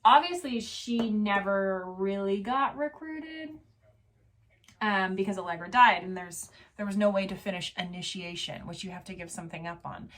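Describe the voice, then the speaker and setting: A tipsy woman giving a rambling, profane, excitable recap of a novel's plot as a casual book reviewer. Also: medium pitch, moderate pace.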